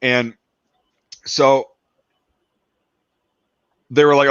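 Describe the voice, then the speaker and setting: A man rattles off a story in casual chat, full of asides and lively put-on quotes. His voice sits at a middling pitch. The recording is dry and somewhat muffled. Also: brisk, dry recording. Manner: excited storyteller, acts out quoted soldiers, swears. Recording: dull lo-fi dry sound.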